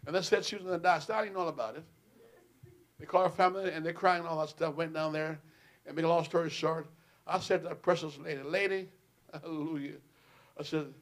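High-voiced preacher man, loud then hushed. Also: fast talker. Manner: swings from loud exclaiming to quiet low storytelling; punctuates with "amen" and "hallelujah". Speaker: pastor. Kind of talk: sermon. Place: church.

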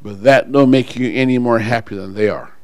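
A pastor preaching a sermon to his congregation, calling people up front and pausing for call-and-response. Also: medium pitch, dry recording, low-quality recording.

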